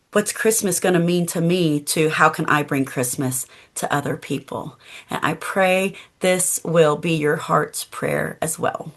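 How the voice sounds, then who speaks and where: A middle-aged woman tells a devotional story with a gentle, earnest delivery. Her voice sits a little low, and she pauses often for effect. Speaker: guest author.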